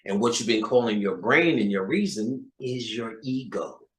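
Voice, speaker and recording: A man's voice: lowish voice, expressive, normal speed. A man giving a profane spiritual lecture, emphatic and swearing, with street-talking rhetorical repeats. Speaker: occult lecturer. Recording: roomy echo.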